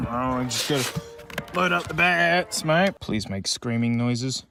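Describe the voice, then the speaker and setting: An Australian man chatting casually outdoors in remote bushland, rambling excitedly and joking with the things he finds. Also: mid-range voice, a little slow, creaky, over music. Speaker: YouTube host. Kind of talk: casual vlog commentary.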